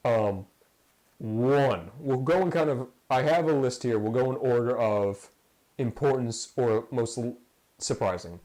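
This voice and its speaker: A man's voice: mid-range voice, measured pace, mellow, poor audio. A man hosting a casual fan podcast, talking in a rambling, jokey way. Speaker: podcast host.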